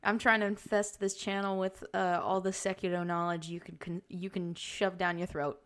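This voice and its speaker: A young adult woman hosting a casual chat, excitable, laughing often and swinging between loud and soft. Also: lowish voice, normal speed, clear, resonant tone. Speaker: host.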